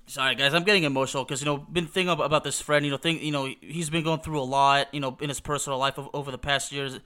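A man's voice: fairly high pitch, fairly even intonation, fast, hardly any pauses, sharp tone, clean tone. A young man hosting a podcast, rambling casually through nostalgic memories with many restarts and fillers. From Texas. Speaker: podcast host.

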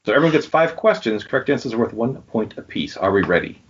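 Husky-voiced man hosting a trivia game. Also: medium pitch, sing-song, fast. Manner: reads out questions and answers, laughs easily. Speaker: podcast host running a trivia game. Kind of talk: casual podcast quiz. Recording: dull lo-fi sound.

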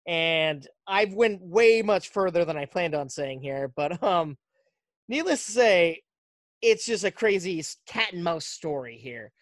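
A podcast host tells a film's story in a loose, animated way, now and then dropping into little voices for the characters. The voice sits at an ordinary pitch and is recorded close and dry, with almost no room sound. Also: a little slow, no room sound. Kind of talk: casual movie recap.

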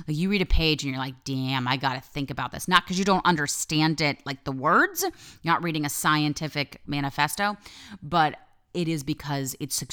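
A woman's voice: low voice, fairly bright tone. A young woman hosting a solo podcast, talking candidly and animatedly, swearing freely and acting out her inner voice. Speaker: podcast host. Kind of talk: casual solo podcast talk.

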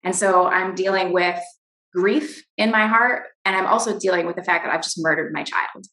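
A middle-aged woman giving a personal faith testimony as an interview guest, earnest and halting, often restarting her sentences. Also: fairly low pitch, pushed and bright, roomy sound, poor audio.

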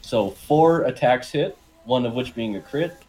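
A man's voice: mid-range voice, a little slow, warm tone, poor audio. A man playing a tabletop game, casual, crude and rambling as he narrates his character's moves. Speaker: player.

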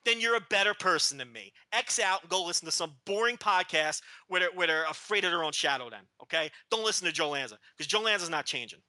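A man co-hosting a podcast in casual chat, ranting loudly and combatively. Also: high-pitched, expressive, fast, hardly any pauses, no room sound. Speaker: podcast co-host.

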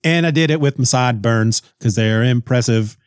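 A man's voice: mid-range voice, normal speed, clear, resonant tone, dry recording, studio quality, close to an everyday voice. A man voicing a boastful, swaggering young male rogue with cocky slang in a much raised voice.

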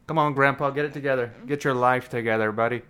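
A man co-hosting a podcast in goofy, joking banter, loud and excitable. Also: medium pitch, quick pace, smooth. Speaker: podcast co-host.

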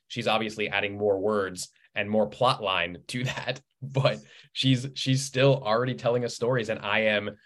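A man in his thirties, a writer and podcast guest, chatting casually as a lively storyteller who laughs often and acts out quoted lines. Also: on the low side. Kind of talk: casual interview chat.

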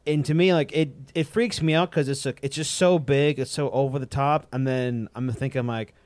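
A man's voice: mid-range voice, moderate pace, no echo. Rambling young man chatting casually. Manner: rambling, animated, imitates drum sounds. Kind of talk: casual chat.

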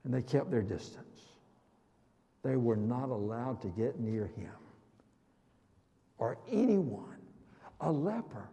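A man preaching a sermon in a dramatic, emphatic way, slowing down on key words and breaking into sudden loud exclamations. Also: mid-range voice, animated. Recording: long reverb of a large hall.

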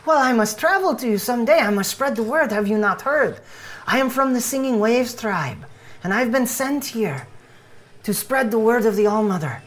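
Fervent cow-creature street preacher played by a woman, high and loud, put-on accent, solemn sing-song delivery for a tabletop game. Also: expressive, normal speed, natural voice. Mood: preaching. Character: zealous female cow-like Bohan street preacher.

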